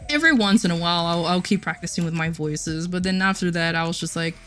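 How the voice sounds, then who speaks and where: A woman's voice: lowish voice, fast, fairly bright tone, smooth, faint music behind. A woman livestreamer chatting casually with her chat, giggling often and restarting her sentences.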